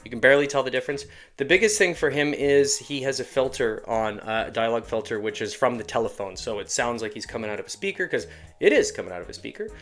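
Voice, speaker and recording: A man's voice: medium pitch, lively intonation, fast talker, fairly bright tone. Casual man walking through a tutorial. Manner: casual, rambling, self-deprecating. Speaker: animator and creator. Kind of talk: tutorial walkthrough.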